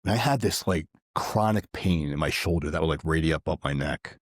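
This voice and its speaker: Male guest, very low voice, earnest, filler-heavy, dry close mic. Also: fairly quick, no echo. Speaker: podcast guest. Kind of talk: casual conversation.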